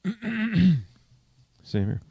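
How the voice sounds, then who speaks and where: A man's voice: high-pitched, big pitch swings, very slow, vocal fry, warm tone, breathy edge, no room sound, lo-fi sound. A man hosting a podcast in casual chat, rambling and self-deprecating, often repeating words. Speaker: podcast host.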